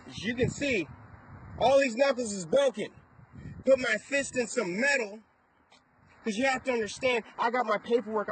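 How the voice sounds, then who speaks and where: Agitated high-voiced man telling a story. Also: fairly bright tone, a little hiss or hum, rough recording. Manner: agitated, swearing, rambling retelling. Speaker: vlogger. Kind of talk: casual storytelling to camera.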